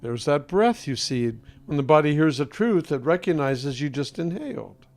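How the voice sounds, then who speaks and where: A man with a somewhat higher voice explains ideas to an interviewer as a voice coach. He speaks with deliberate emphasis and leaves pointed pauses. His tone carries a trained singer's control. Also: sing-song.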